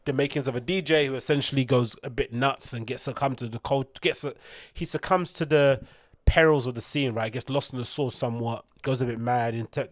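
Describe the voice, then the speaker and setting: A man's voice: medium pitch, no echo. A man with a British accent, hosting a rambling solo podcast with opinionated commentary full of fillers and digressions. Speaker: podcast host.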